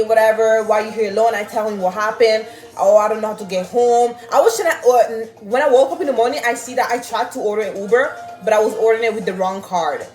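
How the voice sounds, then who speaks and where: Young woman, animated, swearing, roomy sound, faint music behind. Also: on the high side. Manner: animated, swearing, laughing, reading chat aloud. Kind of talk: casual storytelling to viewers.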